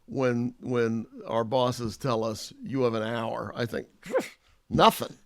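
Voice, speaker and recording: Male news correspondent, joking storyteller with a gravelly edge. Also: mid-range voice, flat delivery, takes it slowly, a little mellow, dry recording, clean studio sound. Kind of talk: casual chat among colleagues.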